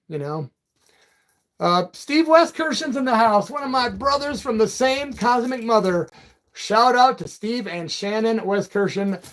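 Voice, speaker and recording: A man hosting a casual live chat, reading out viewer comments in a loose, friendly way and calling people brother and man. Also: high voice. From Peoria, Illinois. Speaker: livestream and radio host.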